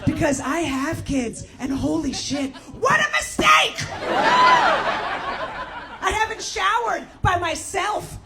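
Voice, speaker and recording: A woman with a very high, bouncing voice shouts an exasperated stand-up rant. A loud crowd and a heavy hiss fill the room. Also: expressive, slow pace. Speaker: stand-up comedian, parent. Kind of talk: stand-up routine. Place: comedy club stage.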